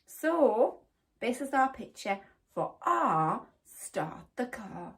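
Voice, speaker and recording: Woman teacher, phonics lesson for kids, very slow, lively sing-song pitch, encouraging. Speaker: primary school teacher. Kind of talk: phonics lesson for young children. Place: home or classroom, recorded for home learning.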